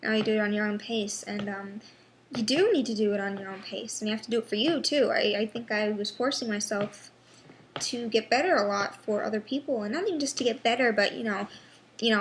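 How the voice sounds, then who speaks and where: A young woman in a personal vlog, talking haltingly with many pauses and restarts, sounding frustrated and worn down. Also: mid-range voice, a little hiss or hum. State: unwell. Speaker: vlogger.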